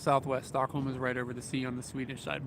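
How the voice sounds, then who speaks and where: Casual male streamer, gravelly voice, rambling outdoor chat over loud street and train noise. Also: medium pitch, quick pace. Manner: relaxed, rambling, chuckles often. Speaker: livestreamer. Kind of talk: casual livestream chat, reading viewer comments. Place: outdoors in a city, near train tracks. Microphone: small camera-mounted mic. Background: passing vehicles and trains.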